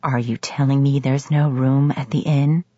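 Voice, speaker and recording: A stubborn, prim young woman with clipped, indignant replies, as a woman reader plays her, husky and low. The sound is close and dry with dull highs. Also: steady tone, normal speed, mellow, no echo. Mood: sarcastic. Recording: slightly muffled audio.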